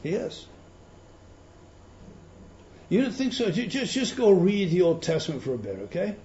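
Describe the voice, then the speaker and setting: A man's voice: high voice, very animated, normal speed, slight background noise. Emphatic male preacher, muffled recording. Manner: emphatic, teaching, swings from loud to quiet. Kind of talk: sermon.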